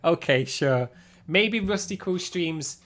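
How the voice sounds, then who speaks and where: A man's voice: a little high, animated, takes it slowly, fairly bright tone. A man chatting casually on a live stream as he reacts to clips, teasing and giggly.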